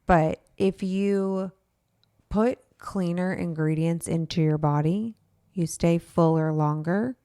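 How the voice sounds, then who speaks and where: A woman's voice: fairly low pitch, slow, warm tone, clear, resonant tone, no room sound, studio quality. A woman co-hosting a podcast, chatting casually with lots of ums and likes. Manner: chatty, many fillers like um and like. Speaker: podcast co-host. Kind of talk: casual chat.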